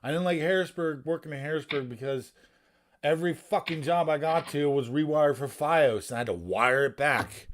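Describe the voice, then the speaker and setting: A man's voice: fairly high pitch, normal speed, slight background noise. Guy rambling on stream, swears a lot, casual story time. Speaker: poker streamer. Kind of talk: casual chat while streaming.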